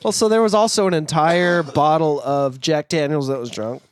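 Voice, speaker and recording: A man's voice: a little high, normal speed, a little hiss or hum. A man co-hosting a band podcast in casual chat, laid-back and swearing casually, getting over a cough. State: recovering from a cough. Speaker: podcast co-host, band guitarist.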